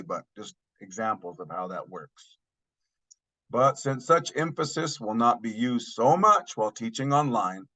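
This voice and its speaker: A man teaching a language lesson, saying each phrase twice slowly and then explaining it in plain terms. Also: on the low side, fairly bright tone. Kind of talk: slow spoken language lesson.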